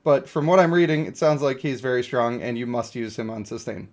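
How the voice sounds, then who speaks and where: A man's voice: mid-range voice, fairly even intonation, fairly quick, darkish tone. A young man streaming a mobile game, rambling and joking as he thinks aloud about characters. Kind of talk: casual live-stream commentary.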